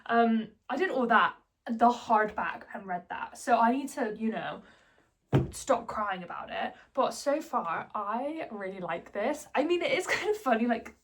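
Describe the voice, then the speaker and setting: Chatty young woman, fairly high. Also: animated, unhurried, background noise. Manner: chatty and giggly, with many fillers. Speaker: book vlogger. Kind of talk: casual chat to camera.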